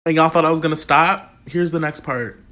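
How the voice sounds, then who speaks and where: A man's voice: a little high, fairly even intonation, a little fast, sharp tone. A tired man who is feeling unwell delivers an emphatic, exasperated commentary over a screen recording. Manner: emphatic, exasperated, rising to heated outbursts. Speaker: content creator.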